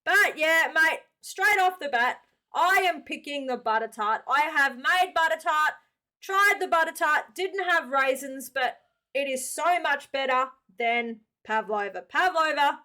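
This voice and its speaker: A woman's voice: high voice, expressive, unhurried, sharp tone. A young Australian woman with an Australian accent, hosting a reaction video and giving blunt, slangy opinions. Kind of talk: casual reaction commentary.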